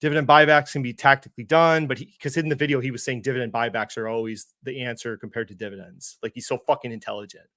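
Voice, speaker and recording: A man's voice: medium pitch, steady tone, quick pace, few pauses, fairly bright tone, no echo, clean studio sound. A man co-hosting an investing livestream, ranting with sarcasm, swearing and mocking impressions. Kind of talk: heated casual chat.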